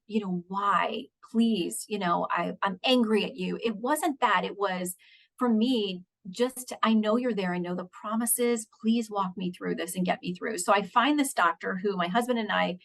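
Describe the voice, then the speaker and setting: A woman guest in an interview, earnestly recounting a personal story of illness and faith. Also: mid-range voice. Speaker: guest, news anchor and author.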